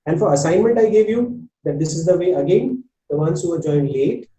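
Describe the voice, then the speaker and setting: A man's voice: fairly high pitch, expressive, brisk, mellow, reverberant, recorded from a distance, rough recording. A man with an Indian English accent teaching a spoken English class, talking in an earnest, repetitive coaching way. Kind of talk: online class lecture.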